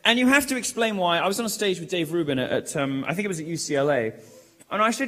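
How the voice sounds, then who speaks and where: A British man giving a provocative, mocking live speech to a college crowd in a large, lively room, delivering it loudly and with projection. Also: a little high, brisk. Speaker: public speaker.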